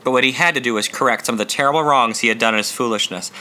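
A man narrating an audiobook in a measured, dramatic storytelling manner. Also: mid-range voice, pushed and bright.

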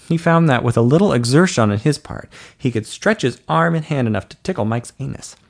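A man reading a story aloud in a steady, even narration. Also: medium pitch. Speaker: audiobook narrator. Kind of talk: scripted narration.

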